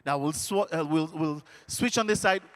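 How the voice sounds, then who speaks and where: A man from Fiji, leading a live audience through a call-and-response lesson on stage with an energetic, coaxing manner. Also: fairly high pitch, normal speed. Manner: energetic, coaxing, counts the crowd in. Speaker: stage presenter teaching an audience. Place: large indoor hall, live event. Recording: echoey large hall.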